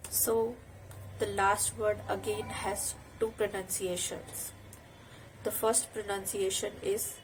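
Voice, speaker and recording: A young woman with an Indian English accent, teaching pronunciation and stressing each target word loudly and patiently. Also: mid-range voice, noisy background. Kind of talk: pronunciation lesson to camera.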